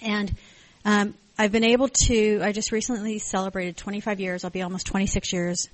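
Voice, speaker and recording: A middle-aged woman gives a thoughtful personal testimony at a support group meeting, pausing and restarting as she searches for words. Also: mid-range voice, level tone, poor audio. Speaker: support group member sharing.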